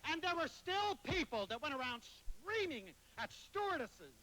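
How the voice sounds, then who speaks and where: A man giving a motivational lecture, telling anecdotes dramatically with sudden swings between loud and soft. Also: very high-pitched, big pitch swings, unhurried, hardly any pauses, noisy background. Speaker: motivational speaker.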